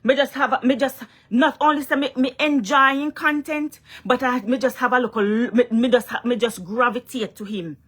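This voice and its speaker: A woman's voice: sits high, fairly even intonation, normal speed, hardly any pauses, fairly bright tone, husky. A young woman with a Jamaican accent talking straight to camera in a casual vlog, emphatic and repetitive, often checking "you understand?". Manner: emphatic, repeats herself, asks "you understand?". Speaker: vlogger.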